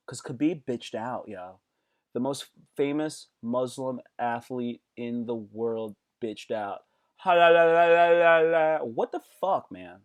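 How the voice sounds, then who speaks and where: Animated comedian chatting on a live stream. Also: male voice, mid-range voice. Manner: animated, repetitive, swearing, talking to chat by name. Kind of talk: casual live-stream chat answering viewers.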